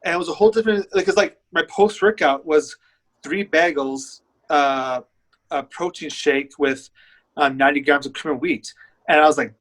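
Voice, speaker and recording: A man's voice: on the high side, normal speed, a bit bright, rough recording. A man guest, a bodybuilder, telling his story in candid, rambling casual chat.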